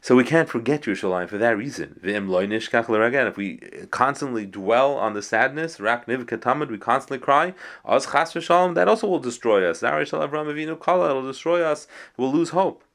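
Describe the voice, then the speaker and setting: A man's voice: mid-range voice, brisk, fairly bright tone. A man giving a Torah lecture, quoting Hebrew texts and explaining them in English, with frequent fillers. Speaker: Torah teacher.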